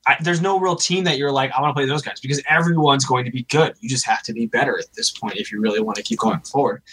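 A man's voice: mid-range voice, bright, forceful tone, breathy edge, rough recording. A man co-hosting a casual sports podcast, giving opinions with lots of hesitation and restarts. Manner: hesitant, many fillers and restarts. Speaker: podcast co-host.

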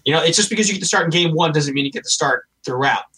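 Co-host dude on a sports pod, husky and kinda bright, says um a lot, restarts his sentences. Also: fairly high pitch, very fast, rough recording. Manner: hesitant, many fillers and restarts. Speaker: podcast co-host. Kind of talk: casual sports chat.

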